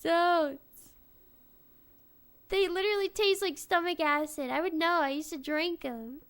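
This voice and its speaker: A young woman talks in a loose, rambling way, often cutting her sentences off and starting them again. She swears freely. Her voice sits high. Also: brisk, a bit bright. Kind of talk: casual chat.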